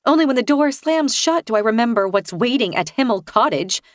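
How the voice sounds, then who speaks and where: A woman's voice: on the high side, expressive, fairly quick, no echo, clean studio sound. A woman reading a first-person thriller audiobook in a tense, vivid storytelling manner. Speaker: narrator.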